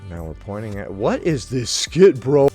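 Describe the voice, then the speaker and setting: A man doing comic reaction commentary. His voice is lively and animated, swinging up and down in pitch, and he talks in a mocking, irreverent way with plenty of swearing. Faint music plays behind him. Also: normal speed. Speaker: reaction video host.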